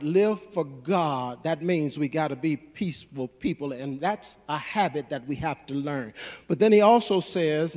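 A man preaching a sermon as pastor, calling out to the congregation and building to loud emphatic peaks. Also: fairly high pitch, big-room sound. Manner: call-and-response preaching, rising to shouts.

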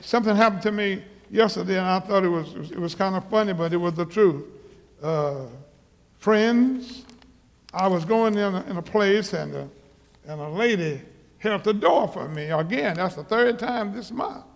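A male pastor preaching a sermon, emphatic, repeating words and rising to loud exhortation. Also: high voice, expressive, normal speed, creaky. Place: large church auditorium. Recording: church hall with long reverb.

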